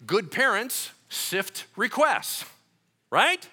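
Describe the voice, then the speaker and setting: Animated, bright-voiced man preaching. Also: fairly high pitch, normal speed. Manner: animated, joking storyteller with voiced asides. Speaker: pastor. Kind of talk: sermon.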